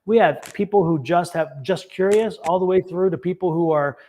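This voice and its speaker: A man's voice: sits high, normal speed, darkish tone. A man hosting a live tarot reading session, chatting casually, repeating himself and laughing often. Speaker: tarot reader and co-host. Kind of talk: casual livestream chat.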